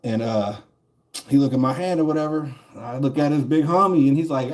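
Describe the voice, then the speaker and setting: A male gamer in the middle of a stream, drifting through a long story in an easy, mid-range voice. His talk is loose and profane, full of fillers and little chuckles. He is neither high nor low. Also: fairly quick. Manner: rambling, profane, chuckles often. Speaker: gaming streamer. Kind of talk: casual storytelling while streaming.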